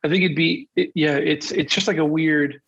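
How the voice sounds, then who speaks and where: Husky, gravelly man on a dull recording. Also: a little high, fairly even intonation, moderate pace, a bit bright. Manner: open, confessional storytelling. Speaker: podcast guest. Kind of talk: casual interview conversation.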